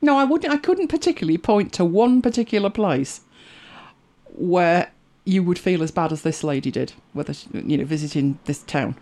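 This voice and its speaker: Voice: mid-range voice, lively intonation, normal speed, mellow. Chatty middle-aged English voice. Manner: chatty and reflective, with frequent laughs and asides. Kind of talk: casual chat.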